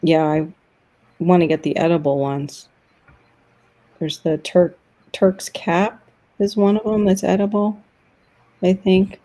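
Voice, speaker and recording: A woman's voice: fairly low pitch, little pitch movement, takes it slowly, long pauses, dark tone. A woman hosting a casual online talk show, chatting and laughing often. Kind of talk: casual chat.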